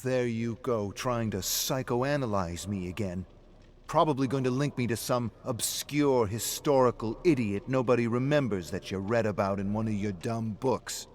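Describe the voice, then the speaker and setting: A man voicing a hot-tempered, defensive drunk brawler who talks in gruff, curt bursts. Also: mid-range voice, animated, unhurried, slight background noise, pitched above the performer's own voice, close to an everyday voice. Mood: irritated.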